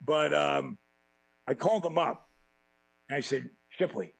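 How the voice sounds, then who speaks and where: A man as a podcast guest telling profane, animated stories and acting out quotes. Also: a little high, a little slow, gravelly, no echo, faint music behind, rough recording. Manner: animated, swearing freely, acts out quotes. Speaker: podcast guest, former wrestling champion. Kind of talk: profane storytelling in a podcast interview.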